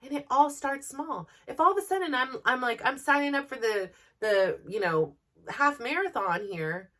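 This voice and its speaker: A woman's voice: sits high, lively intonation, normal speed, fairly bright tone, far from the mic. A woman hosting a podcast, talking candidly and earnestly to her listeners in a personal motivational monologue. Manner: earnest, open and personal, speaking directly to listeners. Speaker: podcast host.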